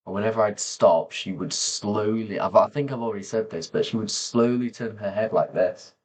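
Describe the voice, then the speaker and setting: A man talking slowly and softly to camera, pausing often as he reflects on personal memories. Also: on the low side. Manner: slow, soft-spoken, pausing often. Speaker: vlogger.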